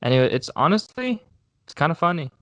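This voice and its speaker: A man's voice: on the high side, sing-song, fast, fairly bright tone, no echo, highs cut off. A young man co-hosting a podcast, chatting casually and rambling with restarts. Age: young adult. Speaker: co-host.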